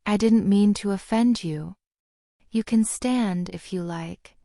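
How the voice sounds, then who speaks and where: A woman voicing a kind, practical mother in an audiobook, with a brisk, caring manner. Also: medium pitch, vocal fry, warm tone, dry recording, clean studio sound. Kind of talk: audiobook character reading.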